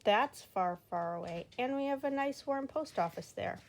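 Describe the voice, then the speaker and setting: A woman's voice: fairly high pitch, expressive, moderate pace, background noise, voice pushed up. A woman reading a storybook aloud, voicing a proud, obliging male postal clerk. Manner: obliging, a touch offended.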